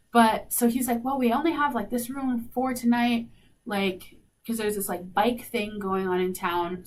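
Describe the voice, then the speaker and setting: A young woman from South Dakota, telling a long story in a casual, animated way, filled with "like" and acted-out dialogue. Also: medium pitch. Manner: animated, lots of "like", acts out quoted dialogue. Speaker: radio show host. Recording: faint noise, slightly distant mic.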